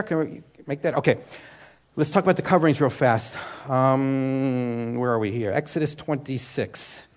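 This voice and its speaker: A man's voice: medium pitch, darkish tone. A man teaching a sermon in a conversational way, asking the room questions and answering them himself. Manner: conversational, with frequent "you know" and restarts. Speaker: Bible teacher.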